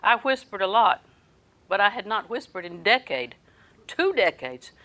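An older woman preaching a sermon, folksy and storytelling, often dropping her voice soft. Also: mid-range voice, sing-song, normal speed, low-quality recording.

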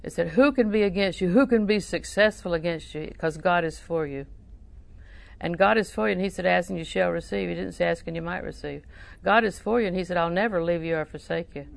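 A woman with a low, gravelly voice preaching a sermon. She tells a story and quotes scripture, asking her listeners questions along the way. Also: a little fast.

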